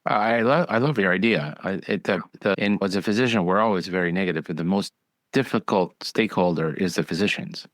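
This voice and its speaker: A man's voice: sits low, fairly quick, no room sound. A man who is a physician, hosting a podcast and chatting bluntly, acting out other voices when he tells stories. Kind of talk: casual interview chat.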